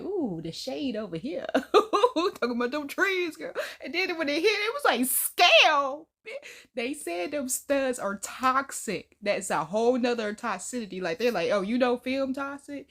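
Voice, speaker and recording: Woman, reaction host, lively swooping delivery, quick to laugh. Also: sits high. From Southern US. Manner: animated, laughing often, slangy. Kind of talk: casual reaction commentary.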